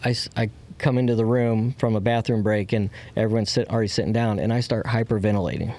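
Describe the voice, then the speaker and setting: A man's voice: lowish voice, steady tone, quick pace, a little mellow. A man candidly telling a personal story as a podcast guest. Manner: candid, acts out quoted voices.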